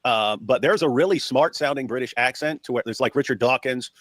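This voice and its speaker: A man's voice: medium pitch, fairly quick, fairly bright tone, no room sound. An American man co-hosting a reaction stream, rambling casually with many restarts and fillers. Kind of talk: casual panel chat.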